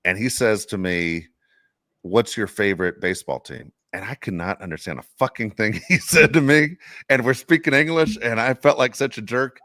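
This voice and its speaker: A middle-aged man co-hosting a podcast, telling stories in a casual, animated way and laughing often. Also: medium pitch, moderate pace, no echo, clean studio sound. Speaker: podcast co-host. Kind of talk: casual chat.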